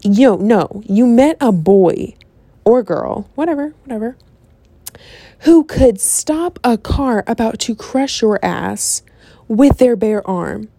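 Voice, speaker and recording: A young woman in casual, profane chat, sassy and animated, often slipping into mock voices. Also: mid-range voice, slow pace, creaky, dry recording.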